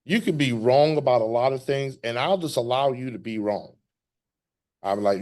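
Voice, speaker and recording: A man's voice: mid-range voice, normal speed, a little mellow. A man hosting a casual podcast conversation, talking in a reflective, rambling way with frequent restarts. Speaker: podcast host.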